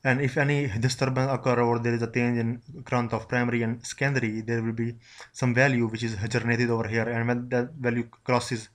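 Halting man in flat tone. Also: medium pitch. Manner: halting, with many pauses and fillers. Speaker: instructor. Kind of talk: screen-recorded software tutorial.

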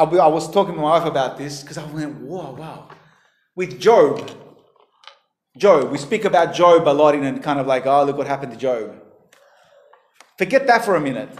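A man preaching a sermon as pastor, emphatic, his voice rising and falling in pitch and volume. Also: expressive, moderate pace, long pauses. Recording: echoey hall.

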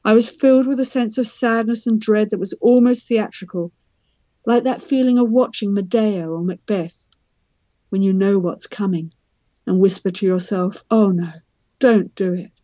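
A woman from Britain, an author and psychiatrist, reading from her book in a measured, reflective way. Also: mid-range voice, warm tone, no echo. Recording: dull, slightly lo-fi sound.

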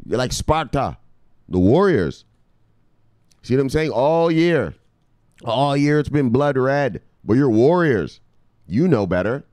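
A man in the middle of his range delivers a fired-up, profane pep talk to his viewers. His pitch is lively and swings widely as he keeps punching in "bang". The recording is dry, with no room echo. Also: slow, pauses often. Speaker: crypto video host. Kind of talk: hyped pep-talk vlog.

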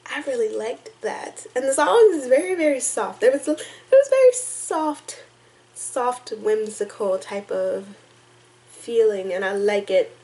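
A young woman reacting casually to a music video at home, chatty, excitable and openly emotional, rambling as she thinks aloud. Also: fairly high pitch, measured pace. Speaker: YouTube reaction vlogger.

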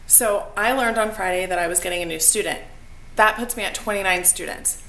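A woman's voice: medium pitch, fairly quick, a bit bright. A young adult woman who is a teacher, talking casually to camera in a vlog, chatty and upbeat, sometimes worn out. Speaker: elementary school teacher.

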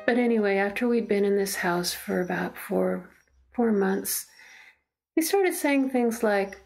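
A middle-aged mother speaks in a documentary interview, earnest and reflective, often pausing to find her words. Her voice has a gravelly, creaky edge at a middling pitch. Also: animated, a little mellow, soft background music. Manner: earnest, halting, reflective storytelling. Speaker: mother telling her story. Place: in her own home.

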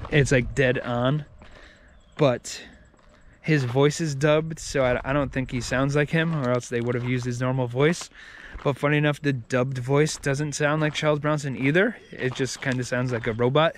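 A man's voice: medium pitch, a little hiss or hum. A man giving a casual, rambling movie review, with many fillers and restarts.

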